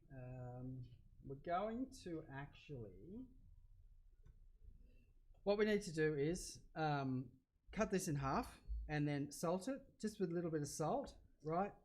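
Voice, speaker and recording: Chatty Australian chef, voice pitched a bit high. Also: male voice, slight background noise. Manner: rambling and chatty, easily excited, gets loud. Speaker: chef hosting a cooking livestream. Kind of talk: casual cooking chat livestream.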